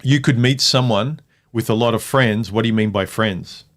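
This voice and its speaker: Low-voiced man reading viewer comments aloud. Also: normal speed. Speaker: livestream host. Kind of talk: casual livestream chat.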